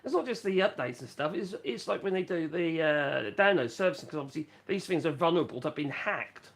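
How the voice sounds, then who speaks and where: A man's voice: on the high side, expressive, fairly quick, vocal fry. A middle-aged man from Norfolk with a Norfolk accent, rambling through casual live-stream chat at home and reading chat messages aloud. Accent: Norfolk English. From England (Norfolk). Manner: rambling, chatty, self-mocking, reads chat aloud. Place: rural home in France.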